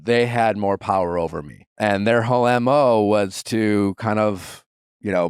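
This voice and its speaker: A man's voice: fairly low pitch, clean tone, dry recording, clean studio sound. A man in his thirties hosting an advice podcast, talking bluntly and emphatically and swearing freely. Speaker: podcast host giving advice. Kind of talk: casual advice chat.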